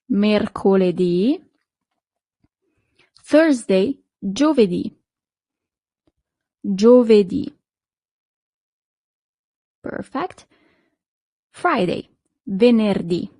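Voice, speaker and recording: A woman teaching to beginners, speaking slowly and patiently and repeating each word twice. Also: fairly high pitch, a little mellow, no room sound, clean studio sound. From Italy. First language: Italian. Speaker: Italian teacher. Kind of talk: language lesson.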